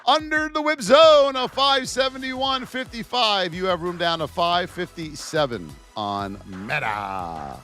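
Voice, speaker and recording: Loud, high-voiced man hyping stock charts. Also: measured pace, few pauses, faint music behind. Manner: loud, joking, greets chat viewers by name. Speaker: trading educator and livestream host. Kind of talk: energetic live market commentary.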